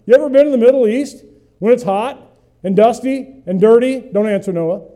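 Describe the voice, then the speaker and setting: A man's voice: very high voice, moderate pace, dark tone. A middle-aged male pastor preaching a conversational sermon, folksy and full of questions to the congregation, with self-mocking humor.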